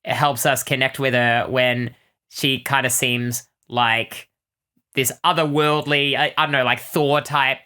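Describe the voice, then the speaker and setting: A woman's voice: a bass voice, flat delivery, a little slow, pushed and bright. A woman co-hosting a casual comic-book podcast, recapping with enthusiastic, rambling chatter and plenty of "like"s. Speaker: podcast co-host.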